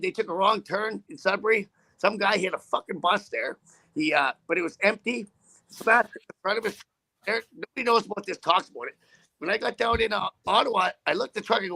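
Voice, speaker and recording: A man's voice: high voice, vocal fry, pushed and bright, slightly rough. A man who drives trucks, telling a story in a casual interview with a profane, rambling, heated manner.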